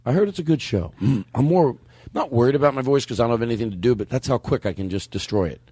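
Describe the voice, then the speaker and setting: A man hosting a comedy podcast in casual chat, his voice hoarse, joking and swearing. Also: mid-range voice, fast, no echo. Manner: joking, animated, swears a lot. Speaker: podcast host.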